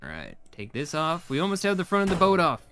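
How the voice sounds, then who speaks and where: A man's voice: a little high, huge pitch swings, quick pace, a bit bright, slight background noise. A young man streaming a game, chatting casually and venting in a rambling, frustrated way with lots of fillers. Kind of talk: casual live-stream chat while gaming.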